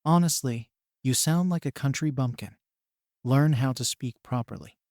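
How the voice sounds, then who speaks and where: A man's voice: medium pitch, normal speed, a little mellow, dry recording, lightly acted. A man voicing a vain, bullying middle-aged mother who sneers and swears, read in a dry, close sound. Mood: sneering.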